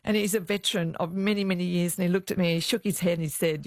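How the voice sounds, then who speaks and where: A woman's voice: lowish voice, quick pace, few pauses, no echo. Older woman telling police stories. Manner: animated, acts out quoted voices. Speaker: retired police officer, guest. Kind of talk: storytelling in an interview.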